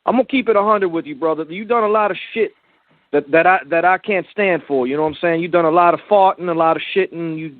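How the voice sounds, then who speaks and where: A man's voice: on the high side, fast talker, no echo. A man calling in to a talk show, talking brash, slangy and boastful. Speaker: caller. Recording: tinny phone line.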